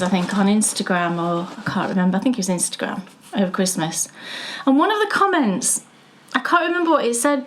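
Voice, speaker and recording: Lady chatting about knitting, mid-pitched, gets excited fast. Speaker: podcast co-host. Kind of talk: casual chat about knitting.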